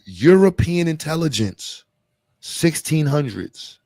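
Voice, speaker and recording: A man's voice: on the high side, sing-song, slow, warm tone, dry recording, clean studio sound. A man hosting a podcast, ranting in a blunt, profane, slangy way. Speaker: podcast host. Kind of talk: heated casual rant.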